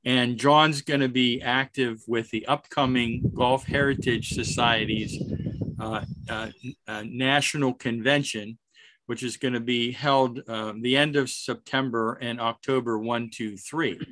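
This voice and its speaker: A man hosting a video call, introducing a guest with a halting delivery and many fillers. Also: mid-range voice, fairly even intonation, background noise. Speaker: host of the society call.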